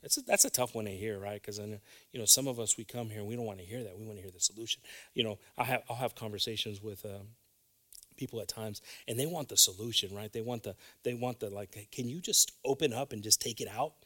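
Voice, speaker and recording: Bright-voiced preacher, whispering then emphatic. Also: male voice, lowish voice, fast talker. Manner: swings between hushed whispers and raised, emphatic preaching. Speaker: pastor. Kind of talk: sermon.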